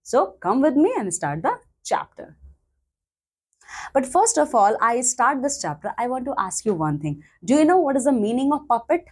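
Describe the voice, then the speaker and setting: A woman's voice: sits high, very animated, a little mellow, husky. A woman teacher explaining a storybook chapter to young children, checking in with "okay?" after almost every phrase. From India. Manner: explains slowly, checks in with 'okay?' constantly. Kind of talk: classroom lesson explanation.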